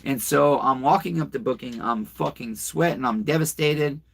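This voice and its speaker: A man with a husky, mid-range voice, vocal fry, and a fairly bright tone hosts a casual livestream at a moderate pace. He rambles, swears, reads comments, and tells a story while chatting straight to his viewers.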